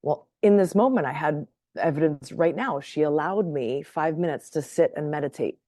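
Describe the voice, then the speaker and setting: A woman with a low, warm and mellow voice tells a personal story as a podcast guest. She is animated, laughs often and keeps checking in with her listener. The recording is dry and close, with no room sound. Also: moderate pace, dry recording. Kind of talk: casual storytelling in conversation.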